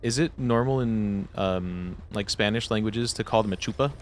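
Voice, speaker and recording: A man's voice: lowish voice, moderate pace, a little hiss or hum. A young man streaming a game, joking and rambling casually to his viewers and swearing freely. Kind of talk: casual chat to stream viewers while gaming.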